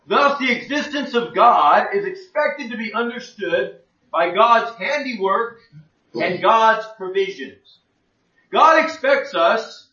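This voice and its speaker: Male Bible teacher, high, bright, plain-spoken; roomy, distant, lo-fi sound. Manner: plain-spoken, asks rhetorical questions. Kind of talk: conversational sermon. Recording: echoey room, distant mic, dull lo-fi.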